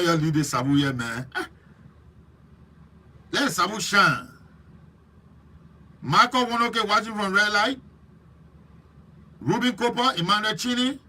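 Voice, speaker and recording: A male host with a Liberian English accent talks in a high, husky voice with a bright, forceful edge. He chats on a live stream, preaching and teasing viewers by name. The delivery stays lively and casual throughout.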